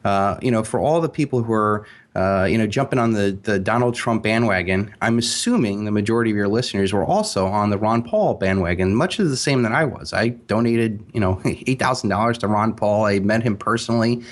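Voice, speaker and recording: A man's voice: lowish voice, a little fast, hardly any pauses. Emphatic man talking with many fillers. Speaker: guest. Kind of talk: casual interview talk.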